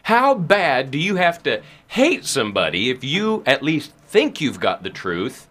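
A man's voice: on the high side, wildly swooping pitch, a little slow, fairly bright tone. A man hosting a Christian talk show, speaking emphatically with teasing, preacherly punchlines. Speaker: host.

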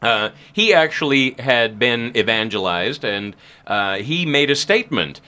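A man's voice: medium pitch, animated, a little slow, sharp tone. A man hosting a Christian talk show, speaking emphatically with teasing, preacherly punchlines. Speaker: host.

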